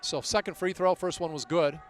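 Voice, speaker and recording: A man announcing a basketball game play by play, getting loud and excited during plays. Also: fairly high pitch, a little fast. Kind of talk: live basketball commentary.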